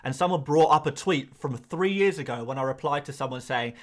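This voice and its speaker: A man, hosting a live stream and chatting casually through viewer comments in a rambling, talkative way. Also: medium pitch. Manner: chatty, rambling, quick asides and laughs. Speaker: fantasy football livestream host.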